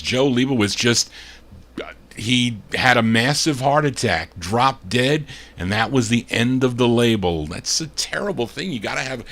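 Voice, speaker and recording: A man's voice: medium pitch, a bit bright. A man hosting a live oldies radio show, chatting between records with digressive trivia about the songs and labels.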